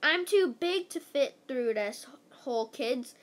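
A woman's voice: high-pitched, expressive, slow pace. Storybook read-aloud: an urgent, earnest male teacher, read by a woman. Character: earnest grown man, school teacher.

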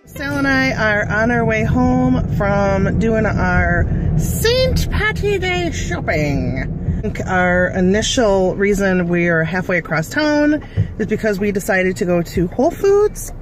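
A woman's voice: medium pitch, unhurried, background noise. A woman hosting a casual cooking vlog, chatting in a rambling way with fillers and asides. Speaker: cooking vlogger. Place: car, then home kitchen.

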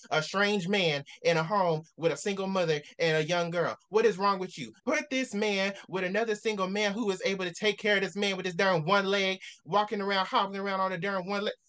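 A man's voice: high-pitched, fairly bright tone. A man co-hosting a casual book discussion, ranting heatedly and repeating lines for emphasis. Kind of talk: animated casual book rant.

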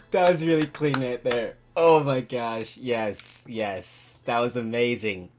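A man hosting a gaming channel, giving excitable let's play commentary and talking to himself as he plays. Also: mid-range voice, takes it slowly, few pauses, faint music behind. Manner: excitable, talks to himself while playing.

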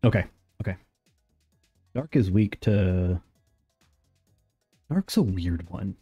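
A young man streaming a game and chatting casually, rambling along with sudden excited outbursts. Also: low-pitched, slow pace, breathy edge, lo-fi sound, faint music behind. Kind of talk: casual live gameplay commentary.

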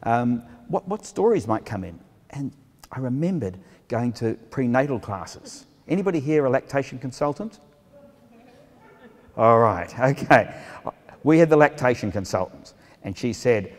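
A man's voice: mid-range voice, very animated, normal speed. A middle-aged man, an author giving a humorous talk to an audience, self-mocking and full of asides. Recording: long hall reverb.

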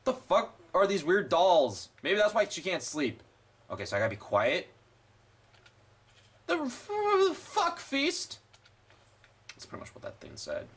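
Brief: young male game commentator, high voice, swings up and down a lot, sarcastic and foul-mouthed. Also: huge pitch swings, a little slow, pauses often, a bit bright, breathy edge. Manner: profane, sarcastic, rambling. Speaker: gameplay commentator. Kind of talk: let's play commentary.

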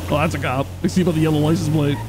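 A man's voice: racing, over music. A man in a casual game roleplay chat, talking in a playfully indignant way. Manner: high-pitched, animated, playfully indignant. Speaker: roleplay player running a coffee shop.

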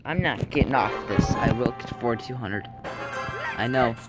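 A young man casually commenting on his own game, joking and shouting at teammates. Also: medium pitch, moderate pace. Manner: excitable, jokey, shouts at teammates. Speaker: gameplay commentator. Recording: game music behind.

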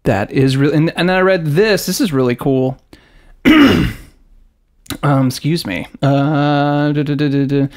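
Chatty host with lively storytelling. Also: male voice, fairly high pitch, measured pace, long pauses. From American South. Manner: animated storyteller, jumps into mock voices, swears. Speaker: podcast host. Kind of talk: casual podcast chat.

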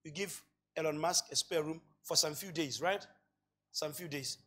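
A man preaching a sermon, telling a long story and swinging between loud shouting and quiet, hushed asides. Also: a little high, moderate pace.

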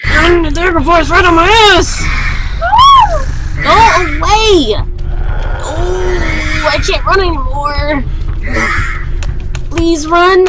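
A woman's voice: very high-pitched, slow pace, long pauses, heavy background noise. A young woman playing a horror game on her channel, panicking, swearing and shrieking at what chases her. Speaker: gaming YouTuber. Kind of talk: horror game let's play commentary.

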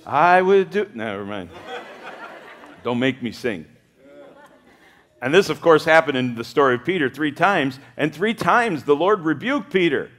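A male pastor preaching a sermon, lively and humorous, acting out the voices of the people he quotes. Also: on the high side, a little slow.

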